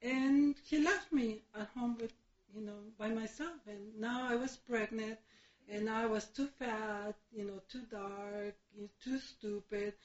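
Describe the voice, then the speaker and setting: A middle-aged woman from Mexico giving a halting personal testimony, full of fillers and restarts, laughing through painful memories. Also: a little high, steady tone, a little mellow. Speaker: speaker sharing her recovery story. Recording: echoey room, dull lo-fi sound.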